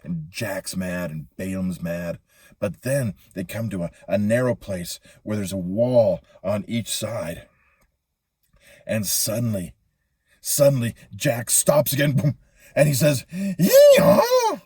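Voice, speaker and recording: Lively playful man telling children's stories, slightly husky, dry sound. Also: fairly low pitch, a little slow, no room sound. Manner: animated, playful. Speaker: children's story teller. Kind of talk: children's Bible story telling.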